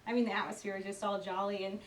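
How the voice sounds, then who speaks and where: A young woman telling a personal story out loud in a chatty, animated way, acting out the people she quotes. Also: medium pitch, very fast. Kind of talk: personal story told aloud. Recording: roomy, distant mic, faint background noise.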